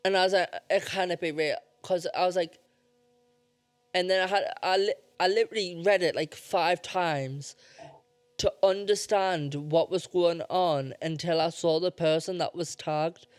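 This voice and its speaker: Rambling young man, smooth voice. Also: high voice, steady tone, a little slow, no room sound. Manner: rambling, self-interrupting, emotional. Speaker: podcast host. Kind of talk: casual solo podcast talk.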